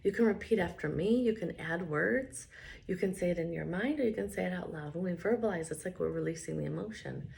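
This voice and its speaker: A woman coaching a guided tapping session, speaking calm affirmations for the listener to repeat after her. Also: fairly low pitch, fairly quick, vocal fry, a little hiss or hum.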